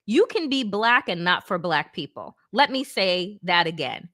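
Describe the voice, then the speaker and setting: Fiery, bright-voiced woman commentator. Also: mid-range voice, unhurried, few pauses, dry recording, studio quality. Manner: animated, indignant, swears freely, frequent fillers. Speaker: political commentary host. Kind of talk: casual political commentary.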